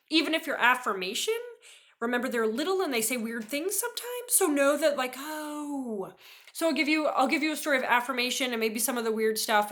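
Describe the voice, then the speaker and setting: A woman giving a casual teaching talk on behavior, chatty and full of little "right?" asides, telling stories in a lively way. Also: on the high side. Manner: lively storyteller who acts out quoted voices. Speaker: behavior educator.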